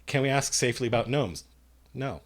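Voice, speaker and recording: A man talking at his desk mic during a live stream, midrange in pitch and easygoing. He reads chat questions aloud and rambles through his answers. He jokes about himself as he goes. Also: lively intonation, a little fast. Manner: self-deprecating, jokey.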